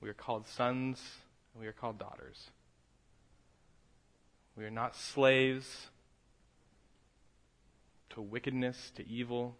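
A man's voice: mid-range voice, little pitch movement, slow, long pauses. Fervent male preacher. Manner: builds from quiet reflection to fervent raised delivery. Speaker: pastor. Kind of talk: sermon.

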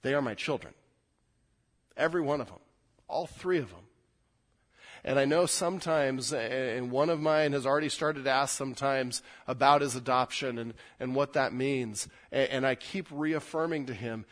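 A middle-aged man preaching a sermon, swinging from loud, emphatic scripture reading to quiet, intimate asides, often repeating words as he restarts. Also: mid-range voice, normal speed. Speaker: pastor.

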